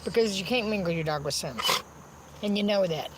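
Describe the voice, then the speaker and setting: A woman ranting on a livestream, profane and repetitive, swinging from wry laughter to shouting. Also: mid-range voice, brisk, background noise. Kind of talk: angry livestream rant.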